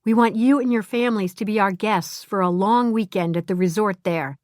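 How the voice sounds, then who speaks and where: A woman voices a sweet young bride-to-be in a mid-range voice at normal speed, sounding close to an everyday voice. The recording is clean studio sound with no room sound.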